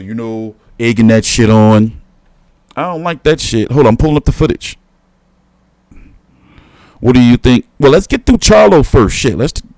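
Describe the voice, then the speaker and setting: A man talks boxing on his own stream, cussing and rambling as he reacts to clips. His voice jumps up and down in pitch, and the sound is dry and close with no room around it. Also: a little mellow, no room sound. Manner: profane, rambling, talks back to viewers. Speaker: boxing commentary host. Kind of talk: casual reaction commentary.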